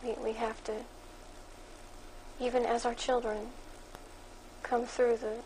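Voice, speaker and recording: A woman reading her own dream account aloud from her blog in a flat monotone, then adding religious commentary in a firmer voice. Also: fairly high pitch, slow pace, slight background noise, poor audio. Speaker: Christian blogger reading her dream journal.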